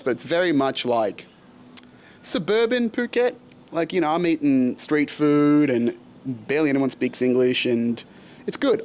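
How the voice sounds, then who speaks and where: A young Australian man hosting a casual solo vlog, ranting in an animated and profane way. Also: mid-range voice. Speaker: podcast host.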